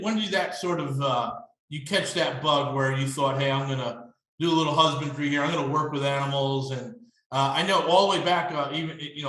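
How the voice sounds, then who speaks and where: A man's voice: a little high, fairly bright tone. A man hosting an interview, rambling with many restarts. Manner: rambling, full of restarts and fillers. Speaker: host. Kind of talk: casual interview chat. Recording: roomy echo.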